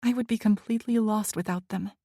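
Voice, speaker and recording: A woman's voice: mid-range voice, steady tone, fast, warm tone, dry recording, clean studio sound. A woman narrating a first-person romance audiobook in an earnest, anxious storytelling manner.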